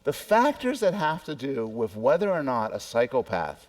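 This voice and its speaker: A man's voice: medium pitch, big pitch swings, normal speed, a little mellow. A man who is a psychology professor, giving a conversational public lecture that poses questions to the audience and adds personal asides.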